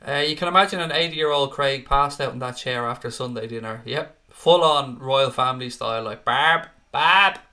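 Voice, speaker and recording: A man's voice: mid-range voice, bright, forceful tone. A young man hosting a casual live stream, chatting and reading out viewer comments, swearing freely. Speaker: host.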